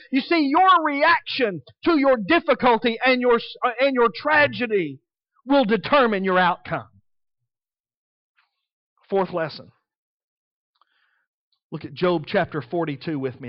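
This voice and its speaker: A man preaching a sermon in an emphatic way, swinging between soft and loud. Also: very high voice, lively intonation, a little slow, long pauses, no room sound, lo-fi sound.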